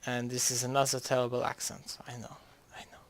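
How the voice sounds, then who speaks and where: Gravelly-voiced man rambling over a strategy game. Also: mid-range voice, completely flat delivery, brisk, very noisy. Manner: rambling, jokey, trails off mid-sentence. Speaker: gaming video host. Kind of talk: casual strategy-game commentary.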